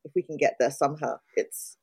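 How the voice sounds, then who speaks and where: A woman's voice: sits low, fairly even intonation, a little fast, darkish tone, husky. A woman hosting a podcast interview, reflective and admiring, repeating phrases for emphasis. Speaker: podcast host.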